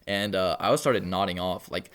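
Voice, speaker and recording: Rambling young man with a low voice. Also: normal speed, fairly bright tone, clear, resonant tone. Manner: rambling and laid-back, heavy filler words. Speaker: storytelling vlogger. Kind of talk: casual storytelling.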